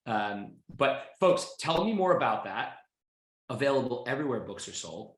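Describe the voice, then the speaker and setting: A man's voice: medium pitch, sing-song, moderate pace. A man from Boston hosting a podcast, talking in an effusive, friendly way with lots of fillers. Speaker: podcast host. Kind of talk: casual interview chat. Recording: roomy echo.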